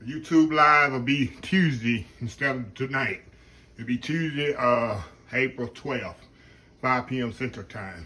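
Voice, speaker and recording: A man's voice: medium pitch, a little slow, pushed and bright. A man hosting a casual cooking vlog, chatting with his mouth full and humming "mm" between bites. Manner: chatty, talks with mouth full, murmurs "mm" while eating; Southern phrasing, says "y'all". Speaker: cooking channel host.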